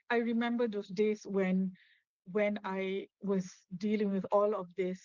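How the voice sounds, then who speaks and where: A middle-aged woman, giving halting personal testimony as a webinar guest over a video call. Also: mid-range voice, flat delivery, darkish tone, no echo. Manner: halting, many fillers and restarts. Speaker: guest, suicide loss survivor. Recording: dull, dry lo-fi webinar audio.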